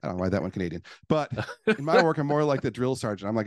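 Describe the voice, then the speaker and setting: A man's voice: mid-range voice, expressive, very fast, no room sound. A man, a guest who works as a life coach, talking in a casual podcast conversation with an enthusiastic, argumentative manner.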